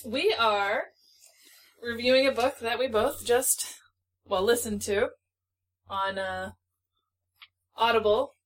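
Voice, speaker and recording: A woman's voice: a little high, slow, pauses often, low-quality recording. A woman co-hosting a book podcast, chatting casually in playful, joking banter. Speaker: podcast co-host. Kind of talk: casual chat.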